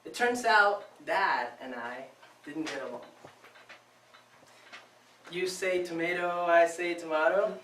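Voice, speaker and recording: A man from Venezuela giving a prepared contest speech to a live audience, telling his story with expressive, dramatic pauses. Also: high voice. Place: club meeting room before a live audience. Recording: echoey room, distant mic, faint noise.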